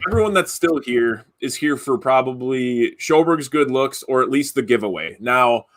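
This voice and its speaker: A man hosts a casual live stream over a video call. His voice sits at an ordinary pitch. He talks in loose, rambling bursts, restarting sentences often. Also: lively intonation, normal speed, fairly bright tone. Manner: rambling, many fillers and restarts. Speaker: podcast host running a giveaway.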